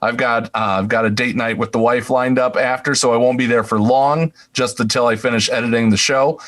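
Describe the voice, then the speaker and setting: A man's voice: mid-range voice, fairly even intonation, a little fast, a bit bright. A man co-hosting a podcast in casual chat, easygoing, laughing often and steering the segments. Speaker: podcast co-host.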